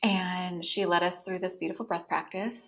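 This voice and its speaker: A woman in her thirties telling her own story as a podcast guest, in an animated, casual way, with many "like" fillers. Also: on the low side, moderate pace, gravelly, rough recording. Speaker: podcast guest, breathwork facilitator.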